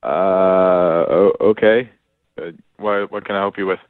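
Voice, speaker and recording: A man's voice: sits low, steady tone, unhurried, no room sound. Awkward young man on a phone line. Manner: hesitant, awkward. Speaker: caller on the phone. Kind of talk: phone interview.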